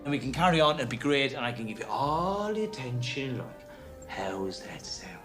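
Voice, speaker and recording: A man comedian retelling history in a jokey, animated way, slipping into voices. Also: mid-range voice, moderate pace, music in the background. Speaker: comedian storyteller.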